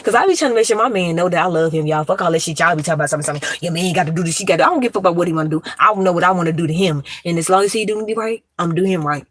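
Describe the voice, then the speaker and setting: A woman's voice: on the low side, racing, few pauses, a bit bright, dry recording. Profane, ranting woman in her thirties. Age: 30s. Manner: profane, emphatic, repetitive. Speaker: vlogger. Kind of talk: ranting monologue to viewers.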